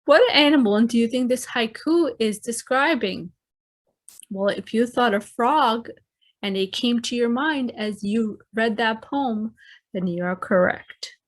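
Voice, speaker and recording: A woman teacher giving a recorded lesson to children, explaining clearly and addressing them directly. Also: on the high side, a little slow.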